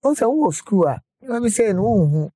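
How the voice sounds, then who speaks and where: A man explains health matters in an easy, chatty way, stopping and restarting his sentences as he goes. His voice sits a bit high but sounds mellow and dark. The recording is close and dry. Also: animated, fairly quick, breathy edge, no echo. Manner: explains at length, with many hesitant restarts. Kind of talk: casual health chat.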